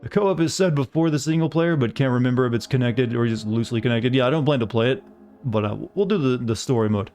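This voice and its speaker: A man's voice: medium pitch, quick pace, darkish tone, faint music behind. A man streaming a game, chatting casually and ramblingly with his live viewers and greeting them by name.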